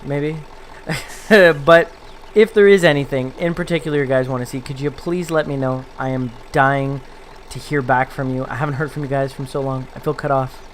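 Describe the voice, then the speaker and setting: A man's voice: mid-range voice, fairly even intonation, moderate pace, slight background noise. A young man chatting casually to his viewers on a desk mic, rambling with fillers and laughing. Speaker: video creator. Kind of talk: casual vlog talk to viewers. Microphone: desk condenser mic on a boom with pop filter.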